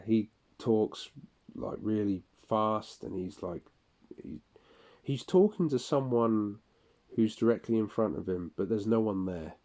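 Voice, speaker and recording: A man's voice: lowish voice, warm tone. A man speaking a casual monologue for his audio log, rambling, profane and weary.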